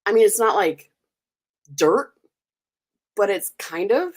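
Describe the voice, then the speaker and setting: A woman's voice: mid-range voice, animated, slow, a little mellow, breathy edge. An American woman hosting a live stream, chatting casually with viewers, giggling and teasing them. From United States. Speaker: livestream host.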